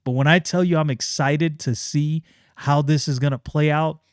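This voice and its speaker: A man hosting a casual comic book review, excitable and slangy, often restarting his sentences. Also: on the high side, moderate pace, smooth, dry recording, clean studio sound.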